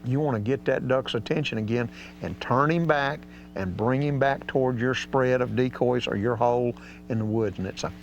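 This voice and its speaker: A folksy man explains duck calling with an easy drawl and plain, casual grammar. His voice sits at an ordinary pitch. The audio is a little dull, with a faint hum underneath. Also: normal speed. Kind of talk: outdoor hunting instruction.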